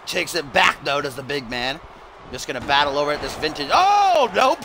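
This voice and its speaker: A man's voice: a little high, brisk, noisy background. A man streaming live, doing playful mock-broadcast play-by-play commentary on a wrestling video game, with the odd swear.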